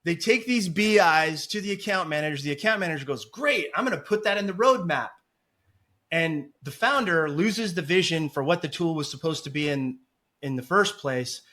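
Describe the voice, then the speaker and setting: Talkative man, slightly high voice. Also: moderate pace. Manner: talkative and animated, apologizes for long answers. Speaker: podcast guest, agency founder. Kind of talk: storytelling interview chat.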